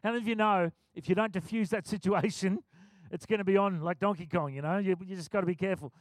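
A middle-aged pastor delivers a sermon in an easy, conversational storytelling manner and often breaks into a laugh. His voice sits fairly high for a man. The sound is dry and close, with no room echo. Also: quick pace.

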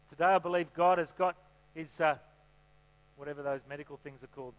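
A man's voice: high-pitched, steady tone, brisk, a bit bright. A man preaching a sermon in a church, chatty and joking, often asking the congregation questions. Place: church hall. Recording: reverberant hall with mains hum.

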